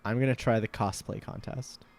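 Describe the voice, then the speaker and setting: A man's voice: on the low side, fairly even intonation, moderate pace, darkish tone, soft background music. A man casually playing a video game with a friend, laughing often and reading game text aloud. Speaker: game streamer.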